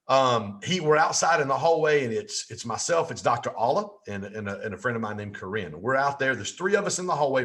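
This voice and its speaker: Folksy man, animated anecdote teller, average-pitched voice. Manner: lively anecdotal storyteller, folksy asides. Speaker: podcast guest. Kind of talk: storytelling in a podcast interview.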